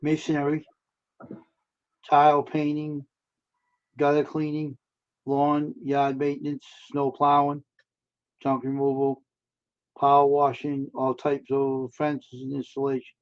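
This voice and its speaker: A man's voice: a little high, completely flat delivery, takes it slowly, pauses often, muffled recording. A man in a casual chat, listing things hesitantly with fillers.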